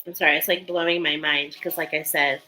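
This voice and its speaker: A woman with a bright, clear voice leads a spiritual card reading, earnest and openly emotional. She reads the card texts aloud and then talks loosely around them, with plenty of "like" and "um". Soft music plays under her voice. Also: low-pitched, level tone, brisk, poor audio. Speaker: tarot card reader.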